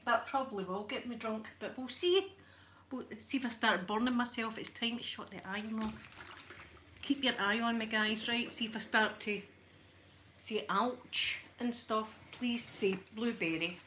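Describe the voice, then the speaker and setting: A woman's voice: medium pitch, sharp tone, a little hiss or hum. A middle-aged Scottish woman chatting casually on a livestream while she irons, telling stories and laughing often. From Scotland. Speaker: ASMR livestream host.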